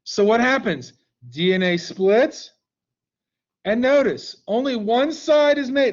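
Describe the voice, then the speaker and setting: A man's voice: very high-pitched, lively intonation, takes it slowly, dull audio. A male teacher leading a live online class in a playful, joking way, coaxing students to answer, over a computer mic on a video call.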